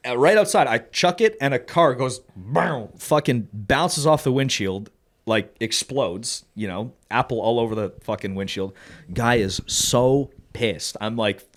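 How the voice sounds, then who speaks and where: A man telling a story on a podcast in a casual, profane, animated way, often laughing as he talks. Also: medium pitch, measured pace. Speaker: podcast co-host.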